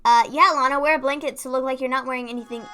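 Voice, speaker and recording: A chatty woman co-hosting a livestream recap, her voice pitched high and ringing bright. She talks in loose, casual chat full of giggles and quick sarcastic asides. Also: fairly even intonation, faint music behind. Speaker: co-host of a wrestling recap stream.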